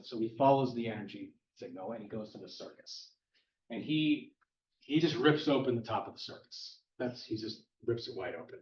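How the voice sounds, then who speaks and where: A man's voice: mid-range voice, a little mellow. A man casually recapping a comic book plot in a chatty, wry way. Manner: chatty, wry, speeding through plot points. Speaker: podcast host recapping a comic. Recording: roomy, distant, dull-sounding mic.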